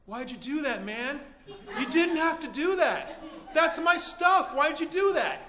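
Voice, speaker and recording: A man's voice: very high voice, normal speed, fairly bright tone. Man voicing a whiny, belligerent bike thief. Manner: whiny, then threatening. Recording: echoey hall, live stage.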